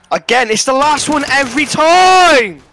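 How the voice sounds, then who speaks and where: A man playing a co-op zombie game, swearing constantly and yelling at his teammates. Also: very high-pitched. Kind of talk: live gameplay chat.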